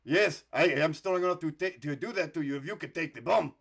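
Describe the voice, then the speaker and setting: A man doing a French-Canadian accent impression of a calm strongman wrestler, slightly amused as he does it. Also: on the high side, fairly quick, gravelly, pitched above the performer's own voice. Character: strong adult male wrestler, calm and matter-of-fact.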